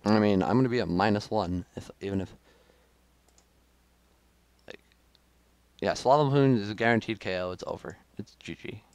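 A man's voice: fairly low pitch, moderate pace, long pauses, a little mellow, no room sound. Frustrated young man commenting on his game. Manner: frustrated, self-critical running commentary with sudden outbursts. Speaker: gaming video creator.

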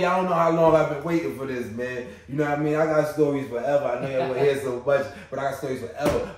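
A man from Brownsville, a podcast guest telling prison stories in a casual, animated way and acting out the voices. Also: medium pitch. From Brownsville, New York. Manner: animated, acts out voices in his stories, keeps checking in with the listener. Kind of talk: casual storytelling. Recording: echoey room, distant mic, faint noise.

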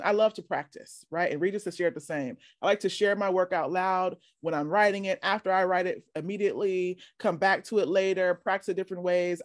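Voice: medium pitch, no echo, clean studio sound. A workshop leader teaching casually over a video call, chatty and encouraging, often asking "right?".

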